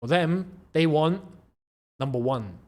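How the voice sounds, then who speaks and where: Lively, high-voiced man talking football. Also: slow pace. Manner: animated, excitable, with frequent laughs and repeated phrases. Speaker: football channel host. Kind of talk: casual football commentary to camera. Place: in the Gulf region.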